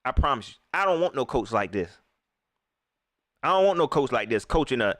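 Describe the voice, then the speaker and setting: Animated man ranting about football. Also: medium pitch, fairly quick, no echo, studio quality. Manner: animated, ranting, reads viewer comments. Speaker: livestream sports commentator. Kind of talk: live post-game rant.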